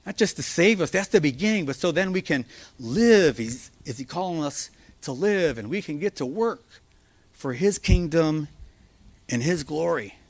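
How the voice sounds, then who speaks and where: A male pastor preaching a sermon, earnest and emphatic, slowing down to stress key words. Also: fairly high pitch, expressive, dry recording. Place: church.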